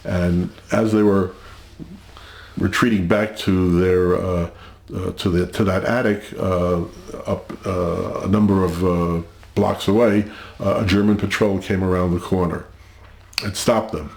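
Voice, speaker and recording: Older man, deep creaky halting voice. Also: steady tone, a little mellow, echoey room. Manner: halting, measured, many pauses and fillers. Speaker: interview guest. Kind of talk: recounting family history in an interview.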